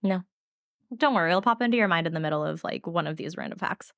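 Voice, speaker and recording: A woman's voice: on the low side, fast, fairly bright tone, dry recording. Woman, podcast co-host, casual chat, playful, dry sound. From Northern Virginia.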